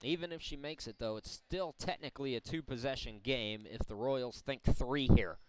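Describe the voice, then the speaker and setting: A man calling a college women's basketball game play by play, explaining the situation in a measured way between plays. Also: mid-range voice, slight background noise. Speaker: play-by-play announcer. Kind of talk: sports commentary. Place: college gym broadcast.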